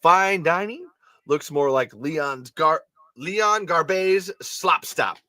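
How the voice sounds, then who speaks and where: A man voicing a grumpy, sleepy older male ranch hand in a low, grumbling voice. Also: expressive, slow, pushed and bright, no echo, studio quality, exaggerated voice.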